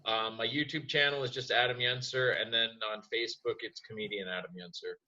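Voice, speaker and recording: A man appearing as a comedian guest, his voice bright and forceful over a dull, lo-fi line. He talks in an easygoing way, plugging his work. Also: mid-range voice, steady tone, a little fast. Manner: easygoing, promotional. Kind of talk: casual chat. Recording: dull lo-fi remote audio.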